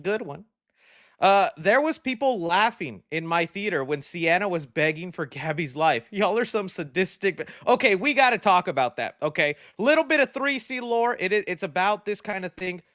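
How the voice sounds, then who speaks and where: A young man chats through viewer comments on a live movie stream, laughing easily and swinging his pitch around as he gets excited. His voice sits high for a man. The sound is dry and close, with no room around it. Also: normal speed, dry recording. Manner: excitable, laughs often, animated shifts in pitch. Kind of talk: casual live-stream chat reading comments.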